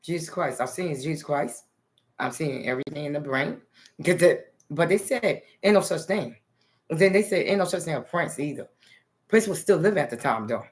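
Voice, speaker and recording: A woman's voice: low-pitched, expressive, brisk. Rambling woman vlogger from New Jersey. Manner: loose, repetitive, punctuated by "okay" and "nice". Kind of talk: rambling personal monologue.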